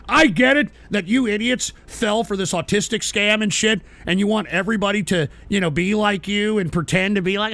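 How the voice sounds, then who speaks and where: Male radio host, gravelly, high voice, profane on-air rant, shouts then sighs. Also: a little fast, hardly any pauses. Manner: profane, yelling at chat trolls; swings between fury and sighing calm. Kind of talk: live call-in style radio rant.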